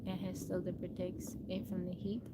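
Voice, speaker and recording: A woman's voice: fairly low pitch, completely flat delivery, moderate pace, very noisy. A woman from Texas chatting casually on a phone livestream, laughing often and answering viewer comments. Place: outdoors in nature.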